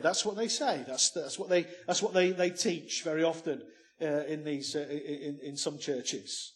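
A man's voice: fairly high pitch, measured pace. A man preaching a sermon, emphatic, often ending points with rhetorical questions.

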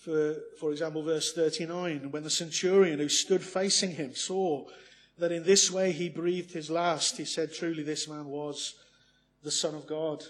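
A man preaching a sermon, earnest and full of rhetorical questions, swinging from loud emphasis to hushed asides. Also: a little high, little pitch movement, unhurried.

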